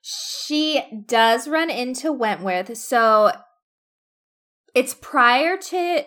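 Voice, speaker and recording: A young woman co-hosting a casual book discussion, animated, laughing often and swearing casually. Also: high voice, extremely slow. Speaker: podcast co-host.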